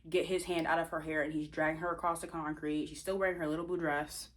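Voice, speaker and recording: Chatty young woman, slightly low voice. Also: fast. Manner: animated, chatty, slangy. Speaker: vlogger and author. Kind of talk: casual storytelling chat.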